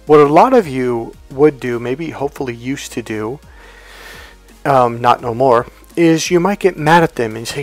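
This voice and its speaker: A man's voice: medium pitch, normal speed, faint music behind. A man in a life coach role, talking through an example in a casual teaching monologue and acting out the quoted dialogue. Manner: conversational, acts out quoted dialogue.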